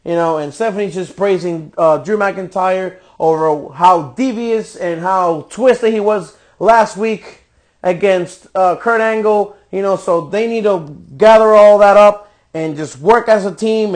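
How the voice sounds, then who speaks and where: A man with a high-pitched voice, swearing freely as he rants through a podcast review of a wrestling show. He sounds fed up, exasperated and blunt. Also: a little slow. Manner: profane, ranting, exasperated. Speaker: podcast host.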